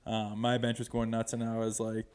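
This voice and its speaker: A man's voice: fairly low pitch, monotone, brisk, darkish tone, clean tone. A middle-aged man, a former pro hockey player, guesting on a podcast and telling loose, profane, rambling stories in casual chat.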